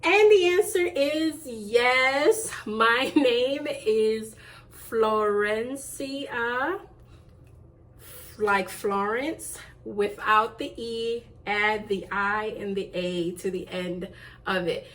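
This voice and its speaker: A woman's voice: medium pitch, slow pace, a bit bright. A woman hosting her own channel, chatting to camera in a casual vlog, gushing and effusive with thanks and often repeating herself. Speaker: YouTube channel host.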